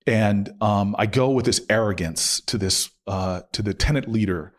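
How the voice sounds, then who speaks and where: A middle-aged man, a guest on an interview show, telling a long personal story in an animated way and acting out what people said. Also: fairly low pitch, moderate pace. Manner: animated, acts out quotes with laughs. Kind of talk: conversational storytelling.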